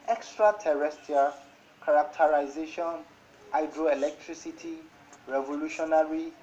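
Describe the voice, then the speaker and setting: A woman teacher with a Nigerian accent giving a broadcast classroom lesson, slowly dictating example words one at a time. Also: sits low, a little mellow. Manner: slow, deliberate word-by-word dictation. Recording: dull lo-fi broadcast audio with faint noise.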